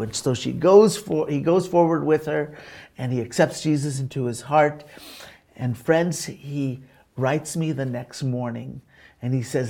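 A man preaching a sermon and telling a story, earnest and unhurried, with pauses, fillers and restarts. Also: medium pitch, creaky, darkish tone. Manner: engages remote listeners to repeat words.

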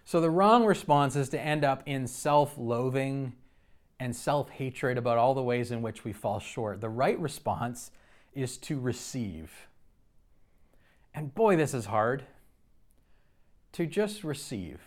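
Guy preaching, earnest and personal, stumbles and restarts a lot, average pitch. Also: lively intonation, slow pace, long pauses. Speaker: pastor. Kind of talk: sermon.

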